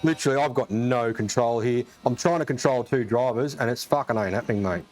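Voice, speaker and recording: A man with an Australian accent commentating casually as he plays a racing game, excitable, swearing often and calling everyone mate. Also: medium pitch, fairly quick, slight background noise. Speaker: gaming streamer. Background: game music and engine sounds.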